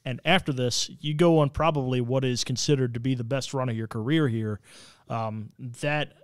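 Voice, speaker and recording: A man's voice: medium pitch, moderate pace, smooth, dry recording, clean studio sound. A man hosting a wrestling podcast, asking loose casual questions and laughing often. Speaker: podcast host. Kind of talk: casual interview.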